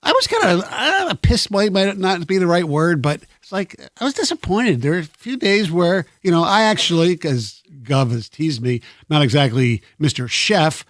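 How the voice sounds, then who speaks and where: Radio guy ranting about his holiday, bouncy pitch, lots of false starts, dead dry booth. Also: sing-song, normal speed, few pauses, a bit bright, no echo. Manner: rambling, exasperated storytelling with frequent restarts. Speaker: radio talk show host. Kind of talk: casual sports radio banter. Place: radio studio. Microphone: studio microphone.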